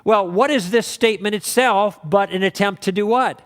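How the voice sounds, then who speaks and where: A man with a high voice teaches a class, walking through his points in a relaxed, story-driven way. He quotes both sides of past conversations as he explains. The sound rings with a long reverb, as in a lecture hall. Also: normal speed.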